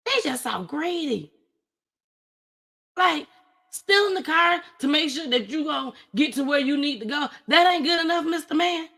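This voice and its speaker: Bright-voiced woman telling a story. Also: moderate pace, gravelly. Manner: animated, with big swings in pitch and loudness. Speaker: host. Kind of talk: casual storytelling.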